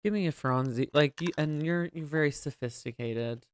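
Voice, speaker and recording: A man's voice: a little high, moderate pace, clean tone. A man co-hosting a podcast, talking in a campy, playful, theatrical way in casual comedic chat. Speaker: podcast co-host.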